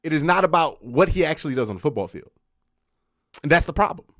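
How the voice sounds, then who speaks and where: A man's voice: a little high, animated, quick pace, fairly bright tone, dry recording, studio quality. A man giving casual, slangy live-stream commentary, reading chat and ranting. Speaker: streamer reacting to news and chat.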